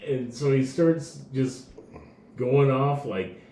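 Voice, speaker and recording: A man co-hosts a loose comedy podcast, spinning a workplace story and laughing as he mimics voices. His voice sits in the middle range. He sounds roomy and echoey, with a faint steady hum behind him. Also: medium pitch, slow pace. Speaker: podcast co-host. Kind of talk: casual comedy podcast chat. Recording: echoey room with faint ambience.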